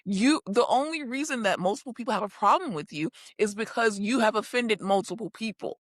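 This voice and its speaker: A woman's voice: on the high side, lively intonation, fairly quick, no room sound, clean studio sound. A woman guest on a podcast, giving blunt, emphatic commentary in casual slang. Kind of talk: casual reality TV recap chat.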